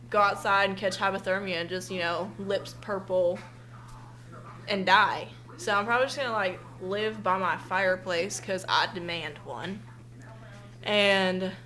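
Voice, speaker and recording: A woman's voice: medium pitch, pushed and bright, low-quality recording. A young woman at home, casually ranting and rambling to a webcam with lots of fillers, swearing and dramatic asides. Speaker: vlogger. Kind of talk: casual ranting vlog to a friend.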